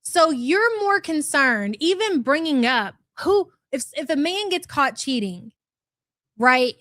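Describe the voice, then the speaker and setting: A woman's voice: high voice, very animated, takes it slowly, a bit bright, no echo, clean studio sound. A woman hosting a livestream, reacting to clips with blunt, profane commentary and reading out super chats. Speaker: commentary channel host.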